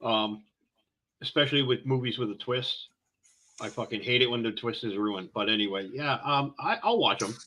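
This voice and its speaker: A man with a bright, tense voice chatting on a casual podcast. he rambles loosely and swears freely as he talks things through with friends. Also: mid-range voice, moderate pace, low-quality recording. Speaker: podcast co-host. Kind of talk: casual chat.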